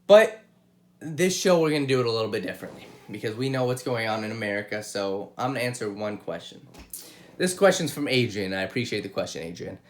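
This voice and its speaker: A man's voice: lowish voice, animated, fairly quick. A young man hosting his own sports show, talking straight to viewers in an impassioned way and repeating points for emphasis. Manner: impassioned, repeats himself, addresses viewers directly. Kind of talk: solo sports commentary and opinion.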